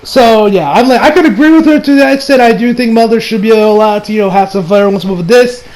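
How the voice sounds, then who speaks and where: A man's voice: sits high, fast talker, darkish tone, low-quality recording. A young man giving a casual, rambling anime review, full of slang and frequent laughter.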